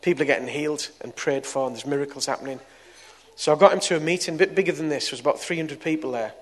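Preacher telling a testimony. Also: male voice, fairly high pitch, racing. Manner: storytelling, swings from soft to loud. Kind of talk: testimony sermon.

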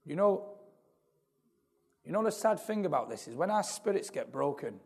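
Male preacher, slightly high gravelly voice, earnest and building, church reverb. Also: sing-song, normal speed. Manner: earnest, repetitive, building in intensity. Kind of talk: sermon. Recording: long hall reverb.

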